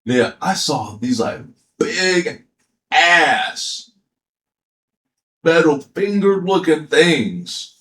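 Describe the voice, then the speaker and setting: A man's voice: on the high side, extremely slow, pauses often, echoey room. A man casually ranting about an anime, retelling scenes with swearing and laughter. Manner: animated, profane, laughing storytelling. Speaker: anime commentator.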